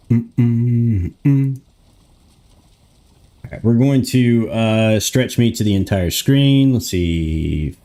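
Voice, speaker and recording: A man's voice: mid-range voice, very slow, pauses often, dark tone. A young man live streaming from a room in his home, chatting casually, grumbling to himself and swearing often.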